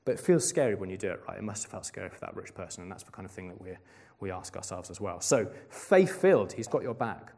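A man's voice: deep voice, expressive, fast, vocal fry, a little mellow. A young man giving a sermon in a chatty, casual way, full of "like" fillers. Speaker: preacher. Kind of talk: conversational sermon.

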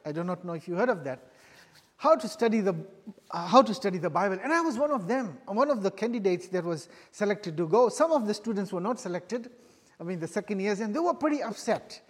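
A man preaching a sermon with a personal testimony, earnest and halting, often restarting and repeating his phrases. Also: high voice, lively intonation, breathy edge, in a large hall.

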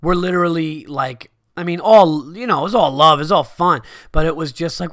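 A man hosting a podcast, telling a story casually, animated and swearing freely, loudly acting out his friends' lines. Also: a little high, fairly quick, hardly any pauses, no echo, clean studio sound. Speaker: podcast host.

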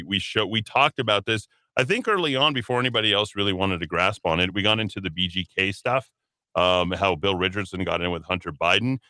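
A man rambles through a talk radio segment with a sardonic edge and plenty of fillers. His voice is a little low, bright and clear. The studio sound is dry and close. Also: no room sound. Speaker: radio talk show host.

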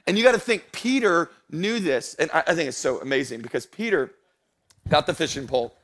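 Energetic pastor preaching a sermon. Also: male voice, on the high side, fairly quick. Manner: energetic, rises to loud emphatic preaching; jokes with the congregation. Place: church stage before a congregation.

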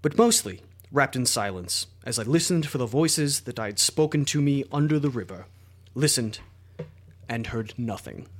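A man's voice: mid-range voice, lively intonation, moderate pace, natural voice. A man doing a brooding Russian mystic. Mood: solemn. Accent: put-on Russian. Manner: dramatic, brooding recitation. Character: brooding old Russian mystic prophet, solemn and ominous. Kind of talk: dramatic reading of a quote on a podcast.

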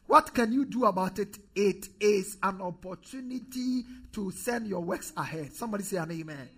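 A pastor preaching a sermon, calling on the congregation to repeat phrases, swinging from loud declarations to low quiet asides. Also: male voice, creaky, husky. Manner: preaching with call-and-response to the congregation.

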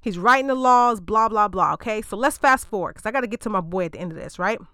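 A woman's voice: medium pitch, expressive, quick pace, fairly bright tone, clear, resonant tone, dry recording, clean studio sound. A woman podcast host retelling a Bible story in casual slang, with joking asides to her listeners.

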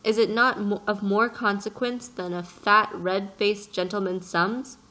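A woman's voice: medium pitch, unhurried, fairly bright tone. A woman voicing an earnest little boy prince who presses his questions with passion in an audiobook reading. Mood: impassioned. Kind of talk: audiobook character voice.

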